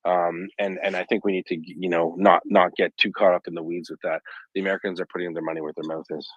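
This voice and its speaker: A man's voice: sits low, level tone, fast talker, no room sound, highs cut off. A man speaking as a guest commentator in a casual online discussion, arguing animatedly and acting out quoted voices.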